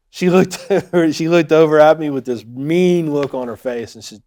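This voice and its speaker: A man's voice: a little high, slow, long pauses, mellow, no room sound. A man telling his own story in a joking, conversational way, full of asides like "you know" and "right". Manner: joking, conversational with many fillers. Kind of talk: personal storytelling.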